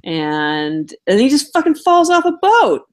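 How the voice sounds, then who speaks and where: A woman's voice: high-pitched, very animated, unhurried. A woman co-hosting a podcast, chatting casually about a movie, teasing and swearing freely. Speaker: podcast co-host.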